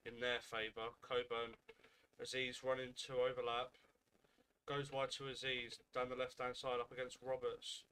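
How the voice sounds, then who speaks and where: A man's voice: medium pitch, pushed and bright, clean tone. A young man giving angry, expletive-filled play-by-play commentary while watching a football match live. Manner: swears constantly, seething play-by-play. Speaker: football fan streamer.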